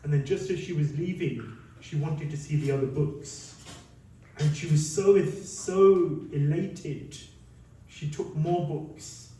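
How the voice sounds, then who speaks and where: Storytelling monk in an echoey hall. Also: male voice, on the high side, slow pace. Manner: lively anecdotal storytelling, acts out quotes. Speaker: monk giving a talk. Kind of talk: storytelling talk. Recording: very echoey hall, mic at a distance.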